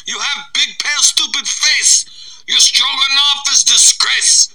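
Mock Russian chanting man, bright and slow, halting delivery, done by a man. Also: very high voice, pitched above the performer's own voice, full character voice, poor audio.

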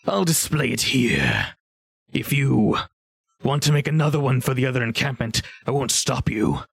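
A man's voice: mid-range voice, very animated, moderate pace, vocal fry, breathy edge, dry recording, full character voice. A towering ogre trader with a sly smirk and a dry, faintly mocking way of speaking, as a game master puts him on. His voice sounds a little raised and set apart from the narration, in a close, dry recording. He stays guarded and wry in a tabletop game.

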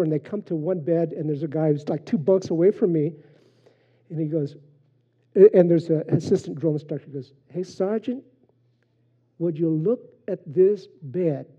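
A man preaching a sermon in a relaxed, conversational way, with frequent fillers and personal stories. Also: a little high, husky. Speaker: pastor. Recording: dull lo-fi sermon recording.

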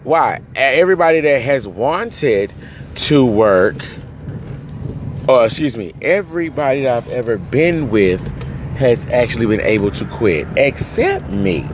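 A man's voice: mid-range voice, animated, measured pace, noisy background. Crying, furious man ranting outdoors. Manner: angry, hurt, profane, swings between yelling and muttering. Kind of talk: emotional rant to camera.

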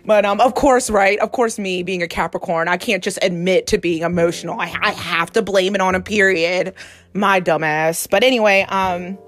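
A woman who is a psychic medium, talking candidly in a casual monologue, swearing freely and laughing often. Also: lowish voice. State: gets emotional, near tears. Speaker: psychic medium and podcast host.

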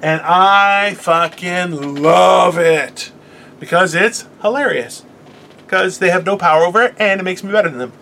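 Man, high bright voice, crude self-deprecating storyteller, casual banter. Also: measured pace, vocal fry, a little hiss or hum. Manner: acts out quoted voices. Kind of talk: casual comedic chat.

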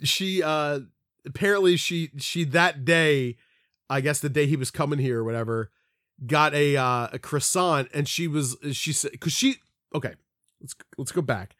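A man's voice: a little high, normal speed, a bit bright, no room sound, clean studio sound. A middle-aged man from the Philadelphia area, co-hosting a podcast in casual chat, rambling through stories with frequent restarts and plenty of swearing. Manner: rambling storyteller, swears freely, restarts often. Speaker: podcast co-host.

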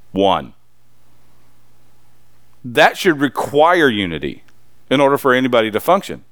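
A man preaching a sermon as pastor, swinging from loud, emphatic lines to low, confiding asides. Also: dry recording, clean studio sound.

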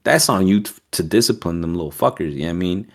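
A man co-hosting a podcast, telling a profane, animated story in casual chat. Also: sits low, fast, creaky. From East Coast US. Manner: profane, animated storyteller, acts out quoted voices. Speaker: podcast co-host.

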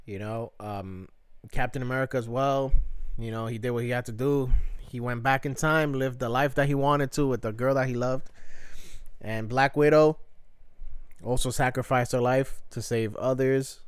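A man's voice: medium pitch, steady tone, normal speed, clean tone, no room sound. A man talking casually and profanely about a TV series, with lots of fillers and restarts. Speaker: show reviewer. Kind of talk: casual TV review rant.

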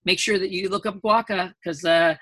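A man, a voice actor guest at a convention panel, telling anecdotes in a lively, animated way. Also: sits high, normal speed, no echo. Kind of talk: casual panel interview.

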